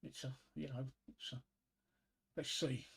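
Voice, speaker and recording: Hombre británico titubeante contando chistes. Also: male voice, mid-range voice, level tone, vocal fry, a bit bright, breathy edge. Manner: halting, with many repeated words and fillers. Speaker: livestreamer. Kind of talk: casual joke-telling on a livestream.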